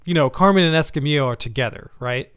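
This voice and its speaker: A man co-hosting a podcast in casual chat, talking in a halting way with many pauses. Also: fairly high pitch, a bit bright, smooth, dry recording. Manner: halting, many fillers and restarts. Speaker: podcast co-host.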